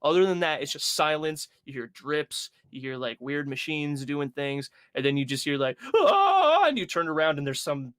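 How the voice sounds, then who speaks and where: Animated young male podcast co-host, casual and profane, dry close-mic sound. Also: a little high, normal speed, hardly any pauses, clean tone, no room sound. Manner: animated storytelling, swearing, acting out his own reactions. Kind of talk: casual chat.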